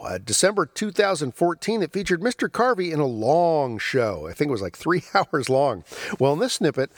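A man's voice: no echo, clean studio sound. A man hosting a podcast, giving show notes and introducing a clip in a chatty way. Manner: conversational with fillers and restarts, lively pitch. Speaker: podcast host.

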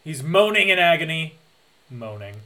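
A man's voice: on the high side, very animated, normal speed, a crowd in the background. A man co-hosting a casual chat, recapping with wry jokes. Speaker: podcast co-host.

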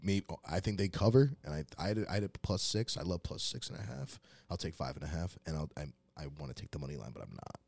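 Lively low-voiced male podcast co-host. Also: fast talker, vocal fry. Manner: animated, jokey, confident. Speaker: co-host making sports picks. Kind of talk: casual sports betting chat.

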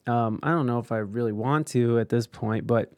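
A man's voice: medium pitch, normal speed, darkish tone, dry recording, clean studio sound. A tired man doing casual reaction commentary. He reads news articles aloud and rambles, with frequent fillers and restarts. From United States. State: tired and yawning.

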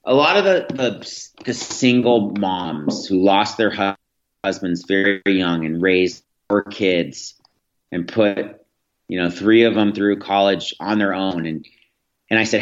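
A man's voice: sits low, slow. A man in his thirties, a guest telling earnest stories in an interview, with frequent restarts. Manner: earnest, anecdotal, with many restarts. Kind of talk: storytelling in a podcast interview. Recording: dull lo-fi audio.

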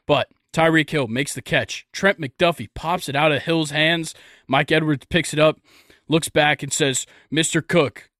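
Young dude rambling on a sports podcast, jokey, tons of ums, dry close sound. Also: male voice, fairly high pitch, fairly bright tone, dry recording. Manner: rambling, jokey, lots of fillers. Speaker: podcast host. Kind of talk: casual sports podcast chat.

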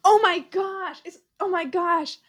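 A woman's voice: extremely high pitch, fairly even intonation, unhurried, a bit bright, no echo. A young woman co-hosting a casual podcast, giggly and nervous, dropping slang as she guesses quiz answers. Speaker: podcast co-host, quiz contestant. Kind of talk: casual chat.

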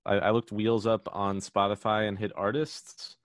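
A young man with a fairly low voice chats casually as a podcast co-host, rambling through his thoughts and joking with a loose, profane edge. The sound is dry and close. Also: little pitch movement, moderate pace, no room sound. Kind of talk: casual chat.

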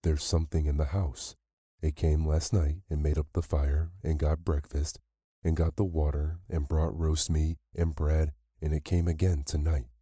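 A man voicing a frightened, rheumatic old village woman who talks in a hushed, gasping way. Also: rumbling low, flat delivery, normal speed, slightly rough, no room sound, clean studio sound. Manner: gasping, fearful.

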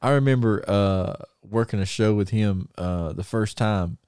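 Man, Southern country accent, podcast co-host, rambling anecdotes, mellow tone, dry sound. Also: on the low side, a little slow, clear, resonant tone, dry recording. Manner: rambling anecdotes with frequent laughs and restarts. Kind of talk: casual chat, storytelling.

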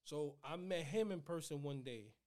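A Bronx-raised man with a New York accent, his voice sitting noticeably high for a man. He tells stories in relaxed street slang and swings into loud, lively retellings. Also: moderate pace. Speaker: guest comedian. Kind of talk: casual podcast chat, storytelling.

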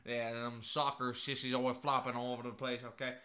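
A man doing a bumbling southern football guy, mock-macho drawl, bright forceful tone. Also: medium pitch, flat delivery, a little fast, natural voice. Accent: put-on American Southern. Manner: mock-macho, self-mocking. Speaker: podcast co-host.

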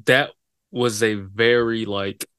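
A man's voice: on the low side, fairly even intonation, takes it slowly, fairly bright tone, clean tone, no room sound, clean studio sound. A man co-hosting a casual podcast chat, talking frankly and rambling, with swearing and laughs. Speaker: podcast co-host.

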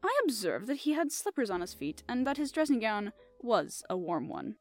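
A woman reading aloud, voicing a fussy, polite middle-aged male detective who speaks with courteous, soft reproof. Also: a little high, big pitch swings, moderate pace, no echo, soft background music. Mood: genteel.

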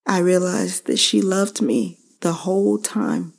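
Low voiced woman podcast host, slow heartfelt talk straight to listeners. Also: big pitch swings, vocal fry, slightly rough. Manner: earnest and heartfelt, speaking directly to listeners. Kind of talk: personal reflective monologue.

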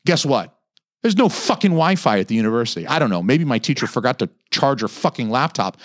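A man's voice: fairly quick, no room sound, studio quality. A man in his thirties hosting a podcast, ranting in a casual, profane way and mimicking other people's lines in a raised voice. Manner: animated, heavy swearing, mock-quoting others in raised pitch. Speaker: podcast host.

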